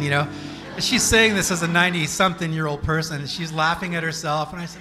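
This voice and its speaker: A man speaking as pastor in a church, sharing memories softly and reflectively, with many fillers. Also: on the high side, steady tone, fast. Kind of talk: eulogy-style sharing from the pulpit. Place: church sanctuary. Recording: live church stream with music behind. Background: guitar playing.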